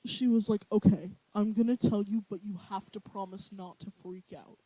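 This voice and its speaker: Laughing young podcast co-host, mellow. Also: mid-range voice, moderate pace, husky, no room sound, rough recording. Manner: animated, laughing storyteller. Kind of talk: casual chat.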